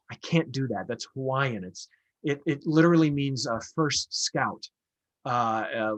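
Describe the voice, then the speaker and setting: A man's voice: medium pitch, fairly bright tone. A man, an astronomer, answering audience questions in a casual, conversational lecture with frequent fillers and restarts.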